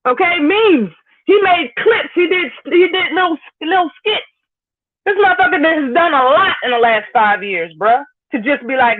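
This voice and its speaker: A woman with a high voice and lively intonation speaks at a normal pace, hosting a live stream where she rants bluntly and profanely while greeting viewers in chat. It's a heated rant captured in lo-fi, phone-like audio.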